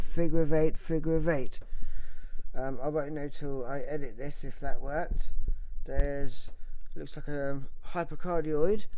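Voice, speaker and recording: A man's voice: a little high, dark tone. A man chatting casually as he repairs a microphone at his workbench, repeating short test phrases over and over. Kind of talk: casual talk while working and testing.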